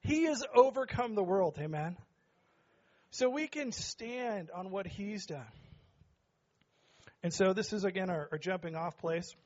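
A middle-aged man preaching a sermon as pastor in a church, joking with the congregation and building to shouts. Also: high voice, animated, measured pace, pauses often, highs cut off. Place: church sanctuary.

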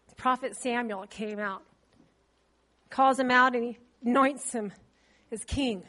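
A woman preacher with a very high, ringing voice delivers a sermon. She talks to her listeners in a casual way. She keeps asking them questions and fills her sentences with little asides. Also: fairly bright tone. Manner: conversational, asks the congregation questions; loose with fillers.

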